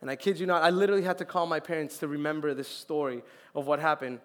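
A young man preaching a sermon as youth pastor, lively and joking, acting out little quotes. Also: a little high, fast talker. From Colombian family, raised in Florida.

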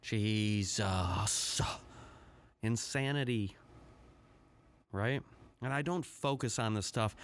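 A man's voice: mid-range voice, clear, resonant tone. A man hosting his own podcast, rambling through a casual, profane solo rant with a self-deprecating edge. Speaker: podcast host.

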